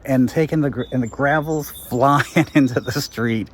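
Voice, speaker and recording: A man of middle pitch hosting a casual vlog from his guesthouse, talking in an easy, chatty way. He tells his stories with lively animation and laughs as he goes. A faint hum of noise sits under his voice. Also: measured pace. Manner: chatty, animated storyteller who laughs mid-story. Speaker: guesthouse owner and vlog host.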